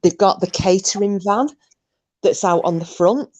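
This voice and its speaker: A woman co-hosting a casual chat, telling a story with animated delivery and plenty of swearing. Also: mid-range voice, normal speed, dry recording. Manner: animated, swearing, shrieking when acting out herself. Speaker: co-host.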